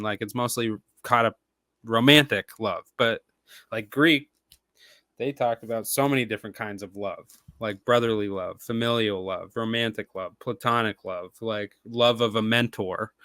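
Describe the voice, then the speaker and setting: A man, a rapper and stage actor, talking casually as a podcast guest, animated and full of "like" fillers. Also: fairly low pitch, no echo.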